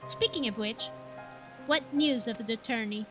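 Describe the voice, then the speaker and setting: A woman's voice: on the high side, a little slow, natural voice. A woman voicing a spirited, defiant younger sister with a teasing manner over game music.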